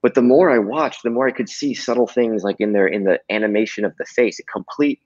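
Over a video call with dull, lo-fi audio, a man appearing as a hypnotist guest spins a story in a casual, animated way. He talks briskly in a lowish voice, leaning heavily on fillers and swearing now and then.

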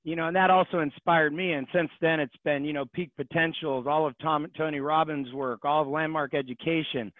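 A man's voice: fairly high pitch, fairly even intonation, a little fast, few pauses, no echo. A man in his forties who is a podcast guest, speaking earnestly and hesitantly with many fillers. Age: 40s. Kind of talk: casual interview chat. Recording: tinny phone-like line.

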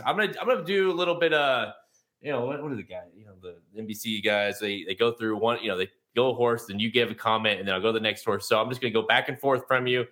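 A man's voice: medium pitch, bright, forceful tone. A man hosting a racing podcast, loose and rambling, laughing often. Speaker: podcast host. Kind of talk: casual podcast chat.

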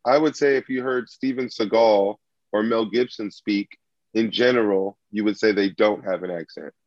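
Low-voiced man in casual chat. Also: steady tone, moderate pace, dry recording, dull audio. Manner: loose, swears, explains at length.

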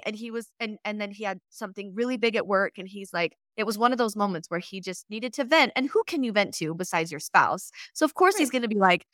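A woman telling a story casually in a conversation, lively and laughing as she acts out the quoted texts. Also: mid-range voice, fast talker, few pauses, no room sound, studio quality.

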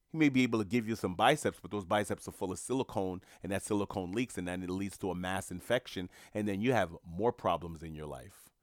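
A man's voice: on the low side, no room sound, studio quality. A man delivering a motivational monologue, emphatic and repetitive, in a coaching tone. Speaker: motivational speaker.

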